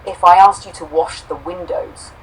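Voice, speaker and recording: A woman's voice: on the low side, wildly swooping pitch, normal speed, a little mellow, far from the mic, a little hiss or hum, low-quality recording. A woman doing a pushy, eager homeowner. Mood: coaxing. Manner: coaxing, pleading. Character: eager, persistent man pushing chores.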